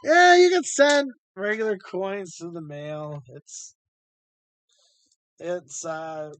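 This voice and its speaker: A man's voice: high-pitched, slow pace, fairly bright tone, dry recording. A man hosting a live stream, chatting casually and rambling as he thinks aloud while sorting coins.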